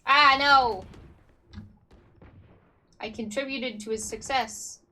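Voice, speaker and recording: A woman's voice: sits high, slow, sharp tone. A woman streaming a shooter game, chatting casually and mocking her own play, with the odd swear. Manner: chatty, self-deprecating, swearing. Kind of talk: casual gameplay commentary.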